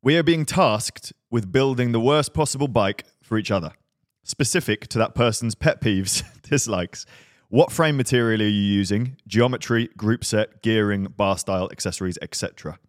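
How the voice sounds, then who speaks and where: A man's voice: fairly low pitch, moderate pace, no echo, clean studio sound. A man co-hosting a cycling podcast in casual chat, joking and giggling. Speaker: podcast co-host.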